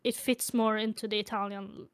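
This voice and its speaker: A woman's voice: medium pitch, flat delivery, moderate pace, smooth, no echo, studio quality. A woman hosting a podcast, asking her guests curious, slightly tentative questions. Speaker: podcast host. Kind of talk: interview questions.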